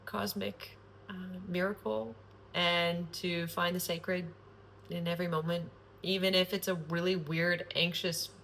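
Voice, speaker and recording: Slight background noise accompanies a woman whose voice sits on the low side with a bit of brightness. She addresses the camera in a casual, spontaneous, rambling monologue, earnest and dotted with curse words.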